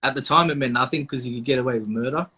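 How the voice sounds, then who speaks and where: A man's voice: mid-range voice, very fast, pushed and bright, breathy edge. A young man, a tattoo artist talking in a laid-back way, full of "like" and swearing. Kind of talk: casual chat.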